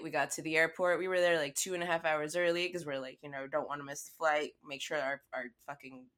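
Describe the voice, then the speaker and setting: A young woman spins a story in casual chat, cursing freely and acting out her own lines. Her voice is bright and forceful, sitting a little low. She talks casually throughout. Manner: profane, animated storytelling.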